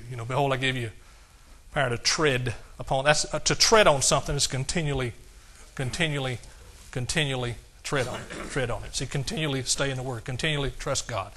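Bright-voiced preacher man. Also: medium pitch. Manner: exuberant, shouts praise, quotes scripture in slow emphatic reading. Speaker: pastor. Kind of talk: sermon.

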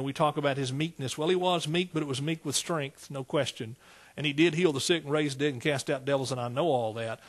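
Husky-voiced preacher. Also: male voice, fairly high pitch. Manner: animated storytelling preacher, exclaiming "hallelujah". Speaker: pastor. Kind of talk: sermon.

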